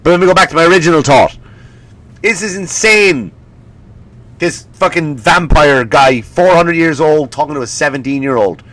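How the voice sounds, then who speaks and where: A man's voice: on the high side, moderate pace, dry recording. A man in his forties hosting a comedy podcast, ranting with swearing and mocking impressions, a bit sniffly. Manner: animated, profane, mocking impressions. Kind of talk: comedic rant.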